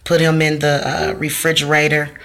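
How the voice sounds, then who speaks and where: Her voice is low and monotone, though fairly bright, moving at a moderate pace. Speaking casually to camera, this vlogger rants bluntly to viewers in profane slang.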